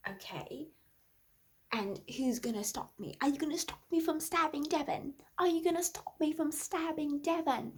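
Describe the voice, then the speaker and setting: A woman improvising a rambling author with a criminal past, deadpan and then menacing. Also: high-pitched, normal speed, natural voice. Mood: threatening. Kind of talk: improvised comedy.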